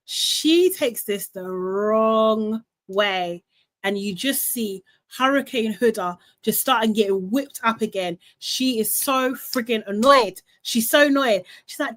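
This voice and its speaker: Woman host, casual live debrief, animated, gossipy retelling, voice sits a little high. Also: moderate pace, no room sound. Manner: chatty, animated retelling with swearing. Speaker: reality show recap host.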